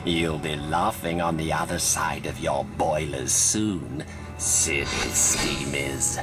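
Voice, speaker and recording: An actor voicing a smug, menacing villainous diesel engine in a children's animated show, with a slow gloating delivery. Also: male voice, a bass voice, over loud music.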